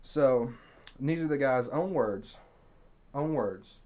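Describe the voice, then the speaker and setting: A young man ranting to his camera, telling a story with profanity and sarcasm, and breaking into loud mock screams. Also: medium pitch, lively intonation, slow pace, long pauses. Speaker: vlogger. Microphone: camera mic.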